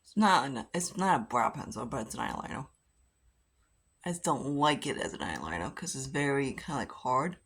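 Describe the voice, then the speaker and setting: A woman's voice: very deep voice, animated, normal speed, a bit bright, husky. A woman chatting casually while doing her makeup, rambling and swearing freely. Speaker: beauty vlogger. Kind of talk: casual get-ready-with-me chat.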